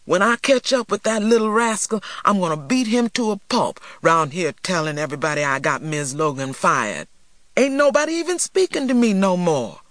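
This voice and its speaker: A man's voice: fairly high pitch, very animated, moderate pace, fairly bright tone, no echo, studio quality. A man reading a storybook aloud and voicing a cocky, shifty young boy who talks his way around the truth in a rural Southern dialect. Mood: wheedling.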